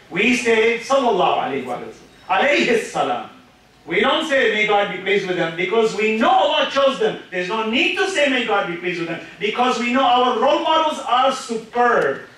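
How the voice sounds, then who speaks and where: A man giving an impassioned religious lecture, full of rhetorical questions and sometimes rising to a shout. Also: very high-pitched. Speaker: speaker. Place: large hall at an Islamic centre. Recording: echoey hall, speaker far from mic.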